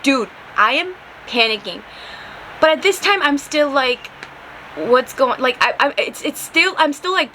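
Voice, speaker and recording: A young woman hosting a podcast, telling a story in a casual, animated way and acting out the quotes, with some swearing. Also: high voice, slight background noise, poor audio. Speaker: podcast host.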